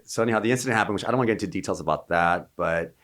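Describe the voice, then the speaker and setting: A middle-aged man with a deep, low voice tells a long war anecdote at a quick clip. He rambles, doubles back and restarts his sentences. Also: a bit bright. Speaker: guest, Marine veteran. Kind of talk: casual storytelling.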